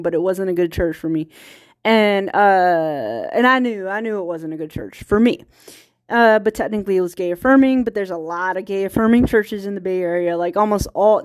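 With a medium-pitched, darkish voice and a rural Virginia accent, a small-town Virginia woman rambles through her thoughts on her casual solo podcast, often restarting and laughing. The sound is dry and studio quality.

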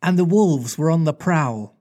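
Lively man reading a storybook aloud. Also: on the high side, measured pace. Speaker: reader and co-host. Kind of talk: storybook reading with casual chat.

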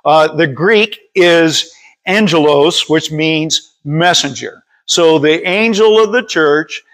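Guy with a high voice reading the bible out loud, trips over words a lot, fixes himself as he goes. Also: rough recording. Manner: reads slowly with frequent stumbles and self-corrections. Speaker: Bible study leader. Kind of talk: reading scripture and teaching. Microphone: streaming over Wi-Fi.

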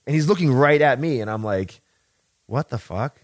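A man's voice: medium pitch, moderate pace. A man in his thirties on a podcast, casually telling long stories, swearing freely and acting out what other people said. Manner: animated, profane storytelling, acts out other people's lines. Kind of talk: casual chat.

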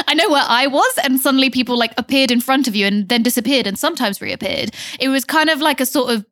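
A young woman reporting on a film podcast, chatting in a rambling, animated way with plenty of asides. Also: high voice, a little fast, no echo, studio quality. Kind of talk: casual podcast chat.

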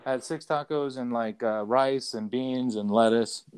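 Casual podcast co-host, man, mid-pitched, rambling storyteller who swears a lot. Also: moderate pace, darkish tone, clear, resonant tone. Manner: rambling storyteller, loose and profane, many fillers. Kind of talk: casual chat. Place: away from home, calling in to the show.

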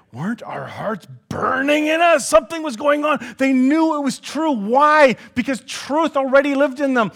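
A man preaching a casual sermon in a church hall, acting out quoted dialogue as he talks. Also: fairly bright tone. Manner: conversational, acts out quoted dialogue with swings in pitch and volume. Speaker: pastor.

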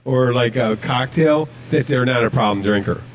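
A man's voice: medium pitch, moderate pace, a little hiss or hum. A man from Minnesota hosting a casual podcast chat, rambling and acting out his customers' lines. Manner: rambling, acts out customers in voices. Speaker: podcast host, bartender.

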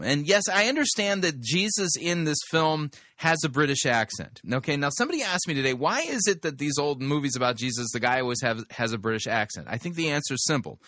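A man hosting a talk radio show, bright and forceful in tone, his pitch sitting a little high. He comments with sarcasm and breaks into loud mock outrage. The studio sound is close and dry. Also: no echo.

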